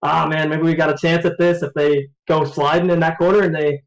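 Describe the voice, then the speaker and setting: Male driver, relaxed and chatty, slightly high voice, laughs a lot. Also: a little fast, rough recording. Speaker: race driver. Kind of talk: post-race interview.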